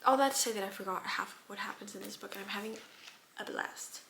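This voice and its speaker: A woman in her early twenties chatting casually about a book she is reading, gushing and animated, sometimes dropping her voice to a near-whisper. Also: mid-range voice, fast, creaky, very noisy. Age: 20s. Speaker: booktuber reading vlogger. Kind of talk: casual chat.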